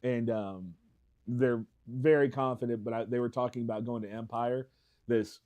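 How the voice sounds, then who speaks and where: A man's voice: mid-range voice, fairly even intonation, moderate pace, darkish tone. A man co-hosting a local sports radio show, laid-back and friendly, reading out player stats. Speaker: sports show co-host and broadcaster. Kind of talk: casual sports talk radio.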